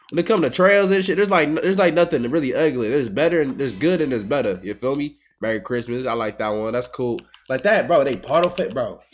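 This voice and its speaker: A young man giving casual gameplay commentary as a streamer, full of profane trash talk aimed at his opponents and quick bursts of excitement. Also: on the high side. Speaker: gaming streamer.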